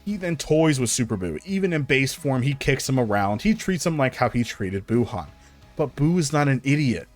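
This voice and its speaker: A man's voice: mid-range voice, big pitch swings, normal speed, soft background music. A man narrating a fan-made story in a casual, rambling, conversational way. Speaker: channel narrator.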